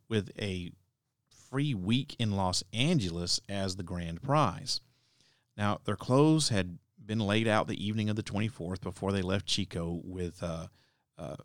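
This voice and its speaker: A man recounts a true-crime case in a relaxed, conversational way, pausing for asides and restarting his sentences. His voice sits low. The sound is dry, with no room around it. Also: dry recording. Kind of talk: casual true-crime narration.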